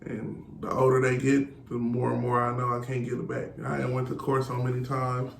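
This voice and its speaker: A man's voice: medium pitch, monotone, brisk, vocal fry. A man in his thirties, a podcast guest, telling blunt and profane stories in casual chat and quoting others as he goes. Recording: echoey room with faint hiss.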